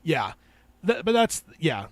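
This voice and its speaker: A man co-hosting a casual podcast chat and reading out listener emails, relaxed, with lots of fillers and restarts. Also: on the high side, takes it slowly, dry recording. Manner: relaxed, many fillers and restarts, laughs often. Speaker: podcast co-host.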